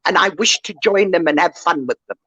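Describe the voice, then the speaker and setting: A woman's voice: on the low side, fairly quick, pushed and bright, slightly rough, lo-fi sound. An older woman on an online call, ranting indignantly and lecturing someone in a live chat. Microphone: online call mic.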